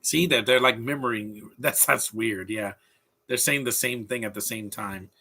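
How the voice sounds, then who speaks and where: Male film commentator, live talk-over, bright and punchy tone, opinionated rambler. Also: medium pitch, normal speed, slightly rough. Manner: opinionated, rambling rant with restarts.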